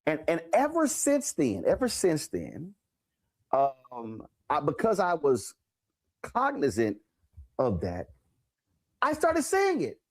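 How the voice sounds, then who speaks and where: Animated male talk show host. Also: on the high side, slow, long pauses. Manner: animated storyteller, repeats phrases for emphasis. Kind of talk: interviewing an author.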